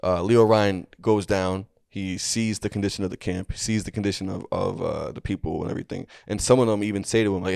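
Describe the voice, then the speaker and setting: A man's voice: deep voice, fairly even intonation, fairly quick, vocal fry, few pauses, a little mellow, no echo, studio quality. A young man co-hosting a comedy podcast, telling a story casually with many fillers and restarts. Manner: rambling, lots of fillers and restarts.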